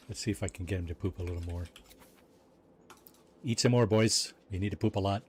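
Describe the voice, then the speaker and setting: Male streamer, low-pitched, lively and jokey, chats with viewers, faint ambience. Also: a little slow, a little hiss or hum. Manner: chatty, reads chat aloud, jokey asides. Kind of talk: casual gameplay livestream chat.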